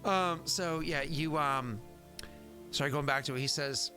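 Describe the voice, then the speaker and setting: A man's voice: a little high, measured pace, music in the background. A man in his thirties, the game master, who chats casually, rambles and fills his talk with fillers and restarts. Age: 30s. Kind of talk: casual tabletop game chat and in-character speech.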